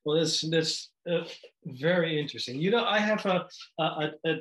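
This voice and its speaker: A man interviewing a guest, asking questions hesitantly with many pauses and restarts. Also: a little high, animated, fairly bright tone, reverberant, low-quality recording.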